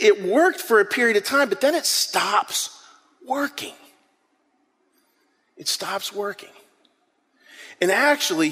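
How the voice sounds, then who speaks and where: Animated preacher in a reverberant hall. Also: male voice, high-pitched. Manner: animated storytelling preacher, acts out scenes. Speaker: pastor. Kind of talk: sermon. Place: church hall with an audience.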